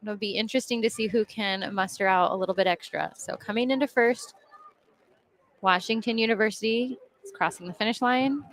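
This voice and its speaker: A woman's voice: medium pitch, fairly quick, slight background noise. A woman doing color commentary at a rowing race, chatty and explaining the sport in plain terms.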